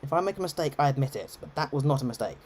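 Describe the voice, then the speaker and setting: A man's voice: mid-range voice, expressive, very fast, darkish tone, husky. Chatty English man with an RP accent. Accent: English, received pronunciation. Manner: chatty, rambling, many ums and restarts. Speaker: game streamer. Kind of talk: live gameplay commentary.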